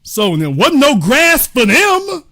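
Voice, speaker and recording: A man's voice: very high-pitched, slow. A man hosting a show, giving casual, joking commentary on a video and talking straight to his viewers. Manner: animated, joking, talks to viewers as y'all. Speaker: host.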